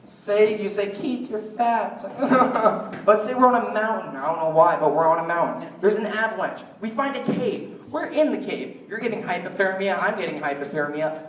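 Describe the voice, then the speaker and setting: A man's voice: sits high, lively intonation, moderate pace, fairly bright tone, far from the mic. A man doing a stand-up comedy routine, rambling and jokey, often slipping into mock quotes of other people. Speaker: stand-up comic. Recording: echoey room, voice from afar.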